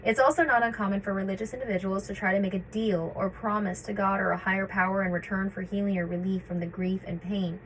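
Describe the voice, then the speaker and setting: A woman's voice: mid-range voice, fairly even intonation, quick pace, hardly any pauses, a bit bright, slight background noise, poor audio. A woman vlogging about her own grief. She reads passages from an article and breaks off into casual, hesitant commentary with many fillers and restarts.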